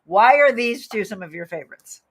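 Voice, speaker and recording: A woman's voice: a little high, lively intonation, a little fast. A woman hosting a talk show, chatting casually, laughing easily and restarting her sentences. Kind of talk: casual chat.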